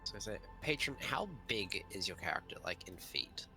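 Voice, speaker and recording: A man's voice: low voice, expressive, moderate pace, creaky, sharp tone, faint music behind, poor audio. A man playing a tabletop game who makes dry, offhand remarks over a voice call. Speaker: player. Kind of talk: casual chat over voice call.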